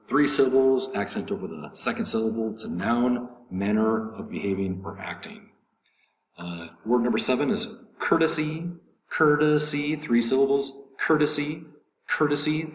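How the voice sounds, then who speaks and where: A man teaching English vocabulary. He repeats each word slowly, marks its stress and says "um" and "uh" between points. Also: medium pitch, reverberant, a little hiss or hum, poor audio. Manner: slow, repetitive pronunciation drilling with fillers. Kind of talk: recorded vocabulary lesson.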